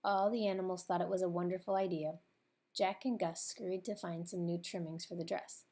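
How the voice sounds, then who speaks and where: A woman's voice: on the low side, steady tone, a little fast, dark tone. Woman reading a storybook aloud.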